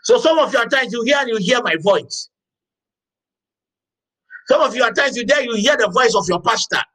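A man preaching a sermon as pastor, emphatic, repeating phrases and shouting out words now and then. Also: extremely high pitch, expressive, normal speed, low-quality recording.

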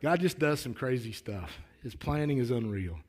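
A man preaching a sermon in a folksy, earnest way, often repeating words as he starts a thought and building to louder, emphatic declarations. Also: medium pitch, lively intonation, normal speed, slightly rough. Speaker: lay preacher.

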